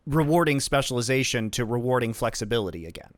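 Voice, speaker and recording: A man's voice: mid-range voice, lively intonation, quick pace, no room sound. A man hosting an esports discussion show, emphatic and profane, launching into long explanatory rants. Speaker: podcast host.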